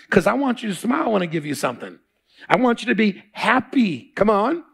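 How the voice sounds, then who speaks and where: Male pastor, high gravelly voice, call-and-response sermon delivery. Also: very animated, brisk. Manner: call-and-response preaching, quizzes the congregation.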